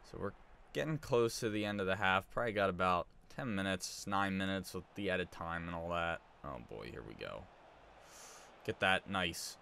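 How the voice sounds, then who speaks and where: A man's voice: deep voice, animated, normal speed, vocal fry, pushed and bright, a little hiss or hum. A man hosting a gaming video, chatting casually with viewers while he plays. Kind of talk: casual gameplay commentary.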